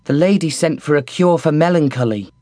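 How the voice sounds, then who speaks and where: A man's voice: fairly high pitch, a little fast, a little mellow, no echo, studio quality, pitched above the performer's own voice, close to an everyday voice. A man voicing a thin, sickly, glum lad who tastes the king's food, in an audiobook.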